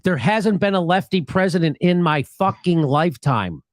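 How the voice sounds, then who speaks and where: A man's voice: high voice, lively intonation, moderate pace, no echo. A man co-hosting a political talk show, blunt and profane. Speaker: co-host.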